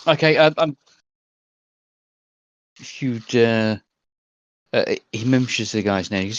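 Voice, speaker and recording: A man running a tabletop game as game master over a voice call, rambling with many pauses. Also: lowish voice, steady tone, a bit bright, dry recording, dull audio. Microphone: computer mic on a voice call.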